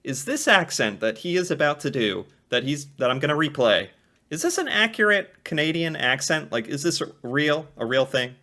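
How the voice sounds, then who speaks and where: A man's voice: on the high side, lively intonation, normal speed, pushed and bright. A man from the United States co-hosting a reaction video, thinking aloud in casual chat and laughing often.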